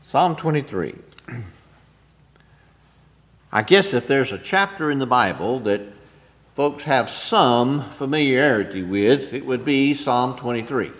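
A man preaching a sermon, unhurried, often clearing his throat, building to emphatic peaks and then dropping soft. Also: mid-range voice, expressive. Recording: long hall reverb.

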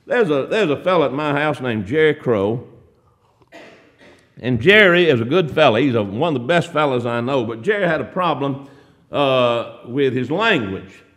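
A man from Alabama with a Southern accent, preaching a folksy sermon that swings between loud emphasis and quiet storytelling asides. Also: medium pitch, animated, moderate pace.

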